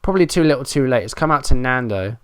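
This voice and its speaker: A man's voice: mid-range voice, lively intonation, quick pace, clean tone, no room sound, studio quality. Frustrated man narrating a match. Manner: running play-by-play, frustrated and self-mocking. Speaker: gaming YouTuber. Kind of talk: Let's Play commentary.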